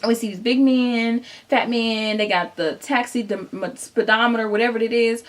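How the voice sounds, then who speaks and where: Brief: young woman, storytime vlogger, slightly high voice, animated, chatty, talks right to viewers. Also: normal speed. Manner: animated storyteller acting out quotes; casual, chatty, addresses viewers directly. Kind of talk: storytime vlog.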